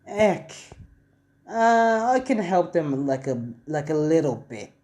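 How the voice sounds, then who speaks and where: A man voicing a cold, aloof teenage boy hero in a fan-made audio story, speaking in a flat, dismissive way. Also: on the high side, slow.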